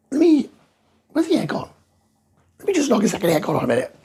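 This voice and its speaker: A very high, warm voice, gravelly and very husky, belongs to a middle-aged man from Wales hosting a casual live chat. He reads out viewer comments and responds in a blunt, sweary, ranting manner, with slight background noise behind him.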